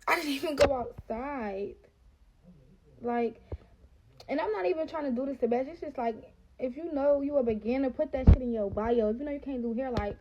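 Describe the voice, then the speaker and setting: A woman's voice: high voice, heavy background noise. A woman telling a story in an irritated, casual rant full of fillers and cursing, recorded on a phone. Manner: irritated, profane, lots of fillers.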